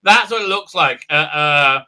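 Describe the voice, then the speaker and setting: A rambling, irreverent man talks through a casual review, stumbling over fillers as he goes. His voice sits high for a man and sounds sharply bright and tense. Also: animated, measured pace. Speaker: show host and reviewer.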